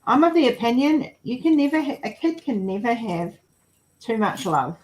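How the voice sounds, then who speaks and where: A woman's voice: a little high, big pitch swings, moderate pace, a little mellow, a little hiss or hum, poor audio. A woman chatting frankly on a livestream and laughing easily. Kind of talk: casual livestream chat.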